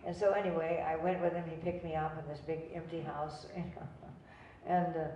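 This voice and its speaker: An older actress speaks briskly in a low, warm voice with a level tone, telling rambling stories at a cinema event and laughing at her own jokes. The lo-fi recording is distant and roomy, with slight background noise.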